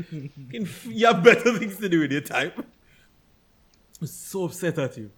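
A man in casual conversation, tearing into a movie with exasperated energy. His fairly high voice swings widely in pitch, and he throws in curses and mock-quotes of his own reactions. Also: moderate pace, pauses often, slightly rough. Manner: animated, exasperated, swearing, acts out reactions. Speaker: podcast co-host. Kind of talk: casual chat, movie review rant.

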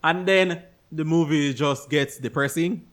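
With a fairly high, slightly bright voice and a measured pace, a podcast co-host rants in exasperation about a movie during a casual chat. He swears and acts out his own reactions.

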